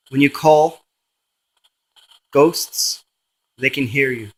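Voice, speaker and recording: A man's voice: medium pitch, drawn-out words, long pauses, poor audio. A man, a paranormal investigator, running a spirit box session and coaxingly calling a spirit by name.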